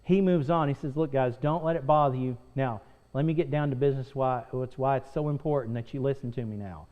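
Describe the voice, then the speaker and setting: A man's voice: medium pitch, fairly quick, highs cut off. A man teaching a Sunday School lesson as pastor, earnest, reading scripture aloud and repeating phrases for emphasis. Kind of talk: preaching Bible lesson.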